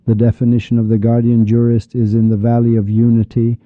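A man's voice: medium pitch, completely flat delivery, fairly quick, hardly any pauses, dark tone, dry recording. A man preaching a heated monologue on Sufism, sarcastic and insulting, with sudden angry outbursts. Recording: dull, dry lo-fi recording.

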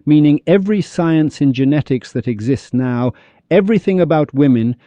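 Male podcast host, preachy rhetorical monologue, dry muffled mic, mid-pitched voice. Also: lively intonation, moderate pace, no room sound. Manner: preachy, rhetorical, mock-shouting quoted crowds.

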